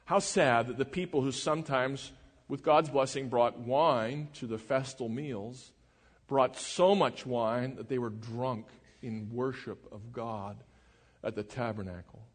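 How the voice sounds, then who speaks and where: A man preaching a sermon in an earnest, measured way, often dropping his voice low for emphasis. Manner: earnest, measured preaching with dramatic drops in volume. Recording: reverberant hall.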